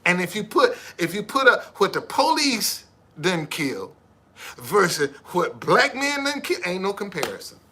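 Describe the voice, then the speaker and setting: A man's voice: high-pitched, very animated, a little slow, sharp tone, a little hiss or hum. A man in his seventies with a missing tooth, ranting emphatically and swearing often on a live stream. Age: 70s. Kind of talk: profane motivational rant.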